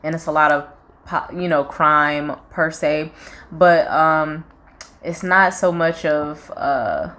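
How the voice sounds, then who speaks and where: A woman's voice: low voice, slow, fairly bright tone. A young woman from North Carolina with a Southern accent, chatting frankly and talkatively as a channel co-host. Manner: frank and talkative, acts out quoted voices. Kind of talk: casual chat.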